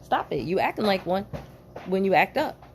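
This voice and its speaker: Animated, profane woman telling a story. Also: mid-range voice, moderate pace, creaky, a little hiss or hum. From New Jersey. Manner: animated, profane, emphatic, laughs in bursts. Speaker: vlogger, former police officer. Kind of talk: storytelling rant to camera.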